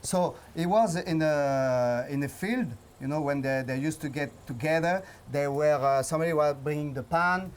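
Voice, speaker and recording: A chef with a French accent, talking through a cooking demonstration in a halting way, with fillers and restarts. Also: male voice, a little high, a little hiss or hum. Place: outdoors on a hillside.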